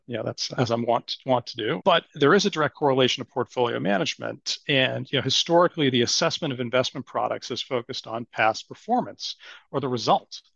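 A man's voice: mid-range voice, creaky, fairly bright tone, no echo, muffled recording. A man with a Boston accent, a guest on a podcast interview, talking thoughtfully with many "you know" fillers. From Boston area. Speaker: guest, asset management strategist.

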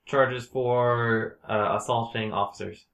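A man running a tabletop game as game master, relaxed and laughing often, in an echoey room. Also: mid-range voice, slow pace, creaky. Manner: relaxed, laughs often, plays guards in plain voice.

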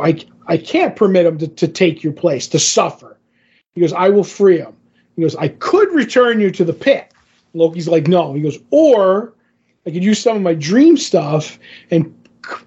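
A man's voice: high-pitched, darkish tone, breathy edge, muffled recording. A man co-hosting a casual podcast, animatedly retelling comic book scenes and quoting the characters. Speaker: podcast co-host.

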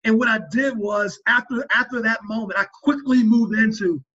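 Earnest dad preaching about fatherhood on a podcast, bright tense voice, kinda raspy, lots of restarts. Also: sits high, steady tone, normal speed, lo-fi sound. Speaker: father sharing parenting advice. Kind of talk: faith-based podcast conversation.

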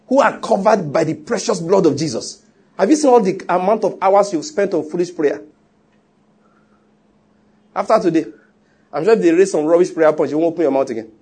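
A pastor delivers a sermon in a slightly raised, husky voice. His tone stays mellow and dark even as he presses his points home. He teases his listeners and repeats himself for emphasis. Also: high-pitched. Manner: emphatic, teasing preaching with repetition.

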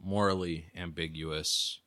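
A man co-hosting a podcast in casual chat, with dry, deadpan humor. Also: low-pitched, a little slow. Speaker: podcast co-host.

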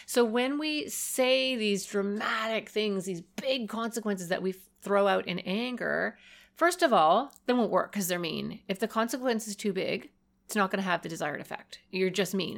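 Podcast host, middle-aged woman, gravelly fry in her voice, chatty advice delivery. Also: medium pitch. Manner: conversational, acts out quoted parent lines.

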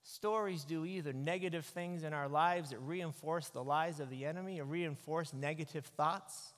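A man, a pastor, giving an animated, conversational sermon into a microphone. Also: fairly high pitch, normal speed. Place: church sanctuary. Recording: echoey church hall.

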